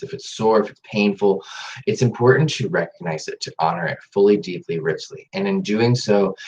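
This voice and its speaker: A man hosting a casual live-streamed guided meditation, upbeat and chatty, laughing often. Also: deep voice. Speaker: meditation host. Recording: dull lo-fi live-stream audio with faint noise.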